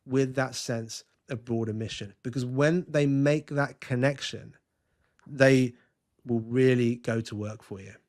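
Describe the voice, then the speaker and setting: A man's voice: medium pitch, steady tone, a little slow, a little mellow. A man, a podcast guest talking earnestly and telling an anecdote, with frequent restarts. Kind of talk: conversational interview, storytelling.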